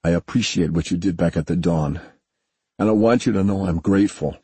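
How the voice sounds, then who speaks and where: Sincere male biologist in a sci-fi audiobook, earnest, low voice, narrator's own. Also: fairly quick, mellow, slightly rough, no room sound. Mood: grateful.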